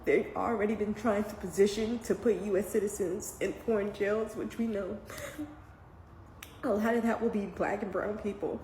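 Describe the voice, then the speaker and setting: A woman's voice: mid-range voice, steady tone, normal speed, mellow. Emotional woman near tears, echoey room. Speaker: parent reacting to news. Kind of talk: casual commentary to camera. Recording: echoey room with faint background noise.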